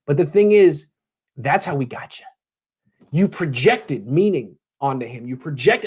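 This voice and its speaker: A man in his thirties hosts a casual sports show, riffing sarcastically and jumping between voices as he tells his stories. His pitch sits a touch high and swings widely as he talks. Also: a little slow, breathy edge. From California. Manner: sarcastic, animated storytelling with mock voices. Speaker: sports blogger and show host. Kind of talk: casual pregame commentary.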